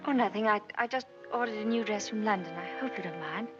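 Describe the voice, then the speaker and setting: A woman's voice: medium pitch, fast talker, music in the background, natural voice. A young woman playing a shy, stammering wife. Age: young adult. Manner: hesitant, stammering, apologetic. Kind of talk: 1940s film acting. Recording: hissy, dull 1940s film soundtrack.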